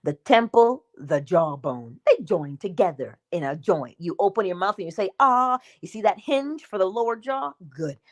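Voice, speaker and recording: Lively, expressive woman teaching on a livestream. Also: fairly low pitch, moderate pace, hardly any pauses. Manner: emphatic, conversational, asks the audience questions; acts out little dialogues with herself. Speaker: spiritual teacher hosting a morning livestream. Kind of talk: live-stream teaching talk.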